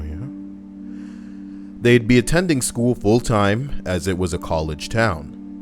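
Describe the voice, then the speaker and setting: A man reading stories on a live stream, casual and profane, breaking off for wry asides to his chat. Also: deep voice. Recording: background music playing.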